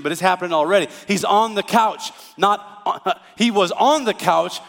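A middle-aged male pastor preaching a sermon in a church, telling stories and building up to shouted praise. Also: high-pitched, quick pace, creaky, hardly any pauses. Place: church auditorium. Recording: reverberant church hall.

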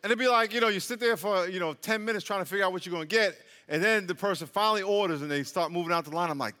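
A man's voice: sits high, racing, hardly any pauses, pushed and bright, long reverb tail. A man preaching a sermon as pastor, chatty and joking, building to emphatic peaks. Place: large church hall.

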